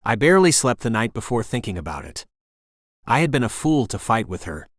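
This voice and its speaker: A young adult man narrating a first-person romance audiobook in a measured, anxious inner voice. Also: medium pitch, very animated, dry recording, studio quality.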